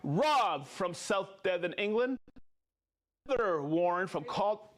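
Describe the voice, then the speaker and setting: An upbeat American man hosting a live stream, chatting casually and joking. His voice sits fairly high for a man. He rattles off names with easy energy. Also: animated, slow. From United States. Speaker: livestream host.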